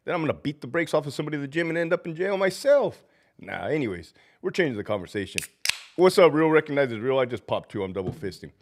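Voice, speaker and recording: A man's voice: on the high side, very animated, fast, background noise. Profane, ranting sick man on a livestream. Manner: profane, ranting, laughing often. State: sick and feverish. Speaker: livestream host and former prison officer. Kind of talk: casual livestream chat with viewers.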